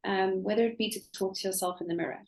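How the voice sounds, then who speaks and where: Woman, South African accent, animated, thinks aloud, roomy echo. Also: medium pitch, fast. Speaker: English teacher, guest. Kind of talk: casual interview chat. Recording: echoey room.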